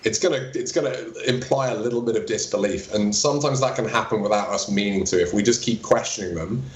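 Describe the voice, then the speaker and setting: A man with a lowish voice answers an interviewer's question about his practice. He lays out his technique step by step and acts out short exchanges with patients. The room around him is echoey. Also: fast talker. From England. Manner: practical, explains with quoted examples. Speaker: chiropractor.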